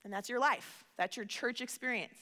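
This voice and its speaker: A woman preaches in a high, bright voice that carries through a reverberant hall. She talks earnestly and conversationally, often doubling words as she begins a thought. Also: moderate pace. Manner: earnest, conversational, repeats words when starting phrases. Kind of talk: sermon.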